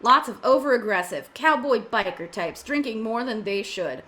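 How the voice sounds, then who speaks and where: A woman's voice: on the high side, expressive, normal speed, bright, forceful tone. A woman reading the stage directions aloud in an amateur script reading, adding joking asides as she goes.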